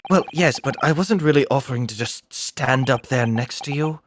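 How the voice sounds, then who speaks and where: A woman's voice: very deep voice, normal speed, slight background noise, voice pushed down. A woman doing a hesitant young lawyer. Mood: puzzled. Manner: hesitant, polite. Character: polite, unsure young male lawyer.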